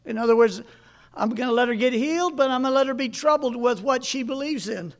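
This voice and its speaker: A man's voice: extremely high pitch, fast talker. A man preaching fervently, reading aloud from a book and stopping to comment, with exclamations of praise.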